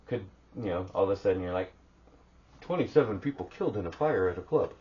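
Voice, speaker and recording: A man's voice: low voice, lively intonation, quick pace, warm tone, lo-fi sound. A man co-hosting a casual podcast, chiming in bluntly with crude jokes. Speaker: podcast co-host. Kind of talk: casual chat.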